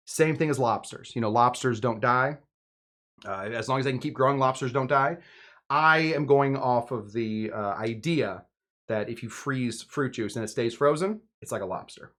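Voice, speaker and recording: A man's voice: medium pitch, a little slow, fairly bright tone. Rambling, jokey man making cocktails. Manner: rambling, jokey, chatty, with many fillers. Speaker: home bartender host. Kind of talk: casual cocktail-making video with live chat.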